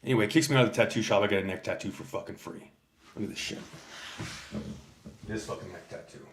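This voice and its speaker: A low-voiced man rambles through a casual livestream rant, swearing constantly as he tells stories and answers his chat. His voice rings in a noticeably echoey room. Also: quick pace. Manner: profane, rambling storyteller.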